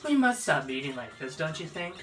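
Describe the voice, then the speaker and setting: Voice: medium pitch, sing-song, brisk, a bit bright. A player doing a coy flirty thief. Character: flirty teasing female thief, smooth-talking. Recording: distant mic, game music behind.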